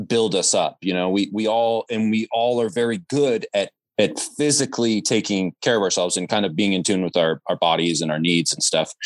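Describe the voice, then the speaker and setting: A man's voice: sits low, no room sound. A man in his thirties, a guest on a casual family podcast, telling stories with lots of restarts and getting worked up. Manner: storytelling with many restarts and fillers, gets worked up. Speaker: guest, the host's brother.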